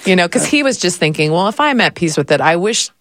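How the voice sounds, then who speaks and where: A woman's voice: fairly low pitch, fast talker, no echo. A woman hosting a casual podcast conversation, telling stories with lots of laughter and acted-out quotes. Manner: animated storyteller, laughs often, acts out quotes. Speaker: podcast host.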